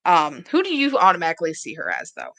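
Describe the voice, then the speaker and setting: A woman's voice: deep voice, huge pitch swings, quick pace, vocal fry, bright, forceful tone, dry recording. A woman co-hosting a casual podcast, chatty and laughing often as she plans upcoming episodes. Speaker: podcast co-host. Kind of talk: casual chat.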